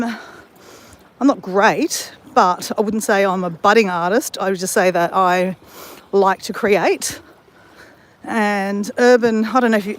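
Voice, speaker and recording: Chatty Australian woman on a walk. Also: fairly high pitch. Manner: rambling and chatty, answering viewer comments. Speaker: vlogger. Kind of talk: casual walking live stream chat. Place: beach, outdoors.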